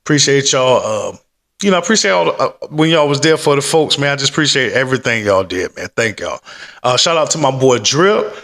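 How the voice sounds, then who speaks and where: A man talks at his desk at home in a loose, rambling vlog, full of slang and easy fillers. His voice sits at an everyday pitch but rings with a bright, forward tone. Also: animated, fairly quick, vocal fry. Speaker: stock-market vlogger. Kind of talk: casual rambling vlog chat.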